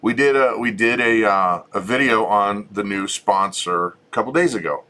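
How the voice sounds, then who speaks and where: A man's voice: fairly low pitch, moderate pace. A middle-aged man co-hosting a homesteading channel, chatting casually and jokingly with viewers. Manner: chatty, relaxed, joking, frequent restarts.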